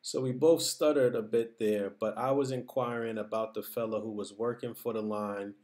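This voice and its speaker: A man's voice: mid-range voice, fairly even intonation, normal speed, a little mellow. A man giving casual, reflective vlog commentary on what he saw and heard. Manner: reflective, hedging, talks things through. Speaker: vlogger.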